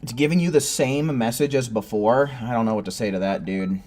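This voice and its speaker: A man's voice: mid-range voice, a little fast, a little mellow, soft background music. A man casually chatting with his viewers while streaming a video game, swearing freely and rambling as he waits. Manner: chatty, swears casually, sings silly improvised tunes while waiting. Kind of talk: casual live-stream gaming chat.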